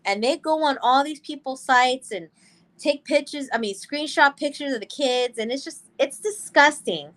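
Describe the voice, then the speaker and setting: A woman's voice: high voice, moderate pace, a bit bright. A woman co-hosting a casual chat show, talking earnestly and rambling with fillers and restarts. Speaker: co-host.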